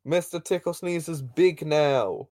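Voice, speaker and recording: A man's voice: on the high side, animated, a little slow, darkish tone, no echo, clean studio sound. Rambling, laughing man on a podcast. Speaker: podcast co-host recapping an episode. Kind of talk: casual chat.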